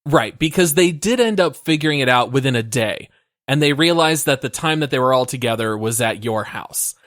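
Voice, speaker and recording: A man's voice: mid-range voice, lively intonation, brisk, a bit bright, dry recording, studio quality. Amused man prompting his co-host. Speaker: podcast co-host. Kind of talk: casual chat.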